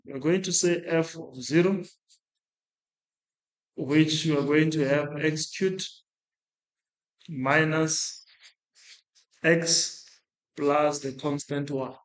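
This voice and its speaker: Male maths lecturer in an echoey room. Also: on the high side. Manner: talks through working aloud, restarts and self-corrects. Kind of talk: step-by-step maths lesson.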